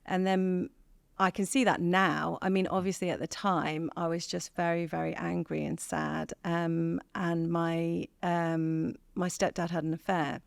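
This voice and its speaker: An English woman from the north of England, a podcast guest speaking candidly and thoughtfully, pausing often with ums. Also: lowish voice, little pitch movement, gravelly, no room sound, clean studio sound. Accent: northern English over a southern English base. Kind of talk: reflective interview conversation.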